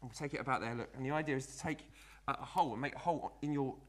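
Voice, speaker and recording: Here the man speaks in a natural, mid-range voice and very fast. His role is a cheeky young apprentice conjurer from the Victorian era, doing an in-character card trick live, his mood playful and his talk a stream of chatty patter peppered with "look."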